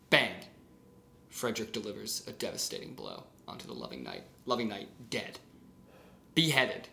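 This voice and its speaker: A man casually retelling a story on a podcast, animated and swearing, acting out the scenes. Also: medium pitch, gravelly. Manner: animated, swears, acts out scenes with sound effects. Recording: roomy echo.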